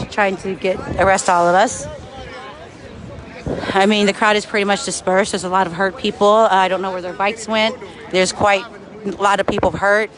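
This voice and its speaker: A man's voice: sits high, a bit bright. Angry profane man streaming from a protest. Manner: angry, profane, answers chat comments. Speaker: livestreamer at a street protest. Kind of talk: angry street livestream. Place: outdoors on a city street. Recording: faint street and traffic noise.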